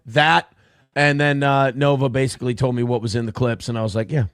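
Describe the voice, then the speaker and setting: A man's voice: medium pitch, flat delivery, brisk, clear, resonant tone, dry recording, clean studio sound. A man in a played clip, commenting on online gossip and drama in an exasperated, told-you-so way.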